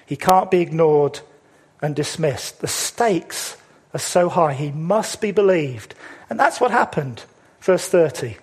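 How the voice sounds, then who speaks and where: A man with a fairly high, husky voice delivers a sermon. He speaks emphatically, posing rhetorical questions and drawing out key words for weight. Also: animated, takes it slowly. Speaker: preacher.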